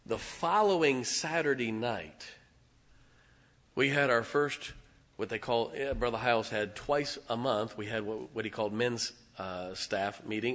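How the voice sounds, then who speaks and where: Male preacher, animated sermon storyteller, bright and forceful. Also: mid-range voice. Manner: emphatic storytelling with audience call-outs. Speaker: pastor.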